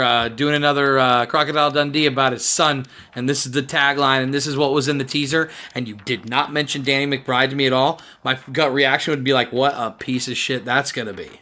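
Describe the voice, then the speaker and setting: A man's voice: medium pitch, steady tone, a little fast, bright, forceful tone. A man co-hosting a movie podcast, blunt and laughing in casual chat. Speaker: podcast co-host.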